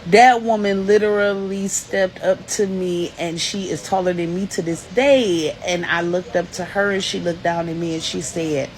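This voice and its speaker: A woman's voice: lowish voice, fairly even intonation, moderate pace, hardly any pauses, rough recording. A woman hosting a podcast, giving an emphatic personal motivational talk, repeating key lines for emphasis and addressing the listener directly. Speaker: podcast host.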